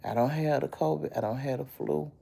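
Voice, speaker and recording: Lying in bed with a chest cold, a woman hosts a relaxed phone live stream, saying hi to viewers by name and calling them baby. She speaks briskly in a gravelly, dark, rumbling low voice.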